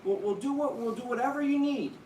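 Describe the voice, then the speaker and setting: A woman's voice: on the high side, fast, warm tone. A woman on a phone call, talking earnestly and urging someone to make a choice. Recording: roomy room, distant mic, faint noise.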